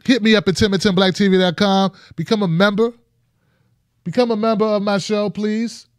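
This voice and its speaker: A man's voice: high-pitched, little pitch movement, normal speed, clear, resonant tone, dry recording, clean studio sound. A man hosting a political commentary show, talking casually and emphatically to his viewers and often repeating phrases. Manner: emphatic and repetitive, restarts phrases.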